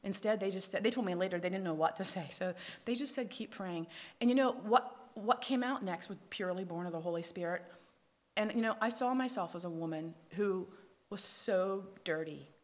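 A woman telling a personal faith testimony as a lively storyteller, acting out the dialogue and dropping to a whisper at tender moments. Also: medium pitch, a little fast. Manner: lively storyteller who acts out quoted dialogue. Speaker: speaker sharing her faith testimony.

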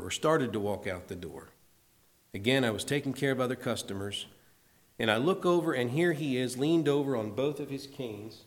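A man preaching in an earnest, conversational way, telling a personal story and slowing down to stress a point. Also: medium pitch. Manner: earnest, conversational, slows for emphasis. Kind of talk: sermon storytelling.

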